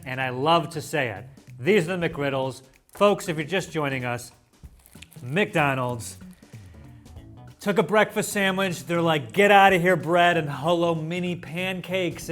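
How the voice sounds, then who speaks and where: A man's voice: on the high side, a bit bright. A man hosting a food review show, talking in an enthusiastic, jokey, playful way. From United States. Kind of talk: casual food review chat.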